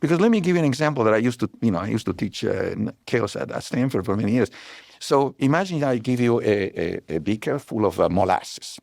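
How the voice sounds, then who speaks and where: Older male scientist guest, gravelly, explains in loose anecdotal bursts. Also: medium pitch, fairly quick, no room sound, clean studio sound. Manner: digressive, anecdotal, many restarts, animated storytelling. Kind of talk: relaxed explanatory interview talk.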